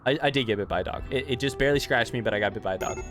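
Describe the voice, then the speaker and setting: A man streaming a game, telling a long anecdote in a rambling, animated way and turning aside to talk to his chat. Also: medium pitch, very fast. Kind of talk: casual storytelling while streaming gameplay.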